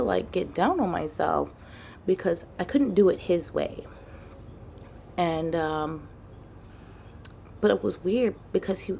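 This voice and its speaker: A woman's voice: fairly low pitch, vocal fry, darkish tone, slight background noise. A woman talking casually to camera in a rambling spiritual vlog, full of fillers like "like" and "you know" and casual swearing. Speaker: spiritual vlogger.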